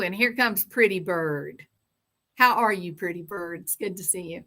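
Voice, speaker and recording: A woman's voice: fairly low pitch, normal speed, sharp tone. A woman hosting a true-crime livestream, chatting casually and reading viewer comments with sarcastic, rambling asides.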